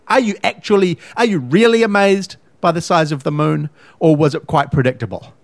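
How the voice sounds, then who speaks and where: A man's voice: a little high, big pitch swings, moderate pace, dry recording. A man co-hosting a podcast in casual chat, ranting emphatically and fussing over word meanings. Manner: ranting, emphatic, pedantic about words. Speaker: podcast co-host.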